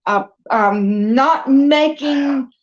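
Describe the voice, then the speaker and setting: In dull lo-fi sound, a crafter and video host talks casually with viewers from her dining room, occasionally turning to her pets. Her voice is high-pitched and her delivery extremely slow.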